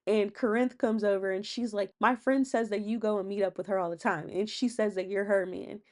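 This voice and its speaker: A woman's voice: mid-range voice, steady tone, fairly quick, darkish tone. Chatty woman recapping reality TV. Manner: chatty retelling with lots of "and he was like". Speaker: recap host. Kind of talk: casual reality TV recap narration.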